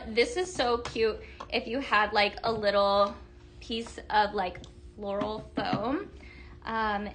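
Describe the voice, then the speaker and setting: A woman's voice: on the high side, pushed and bright, slight background noise. A woman hosting a live product stream, chatting casually and gushing over items with lots of fillers and replies to viewer comments. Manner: bubbly, gushing, many fillers, reads comments aloud. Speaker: livestream product host. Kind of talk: casual live-selling chat.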